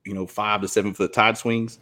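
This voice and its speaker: A man's voice: lowish voice, level tone, a little fast, bright, forceful tone. A man, rambling casually as a podcast guest and filling his talk with "you know". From Southeast Georgia. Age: 50s. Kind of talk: casual chat.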